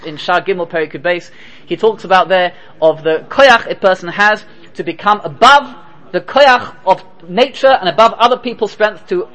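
A man giving a spoken Torah class, telling stories lively and mixing Hebrew and Yiddish terms into his English. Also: sits high. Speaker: Torah teacher.

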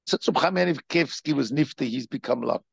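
Guy giving a torah talk, gravelly and kinda raspy, tons of rhetorical questions, dry muffled mic. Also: medium pitch, moderate pace, no echo. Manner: animated, repetitive storytelling with rhetorical questions. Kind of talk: Torah lecture.

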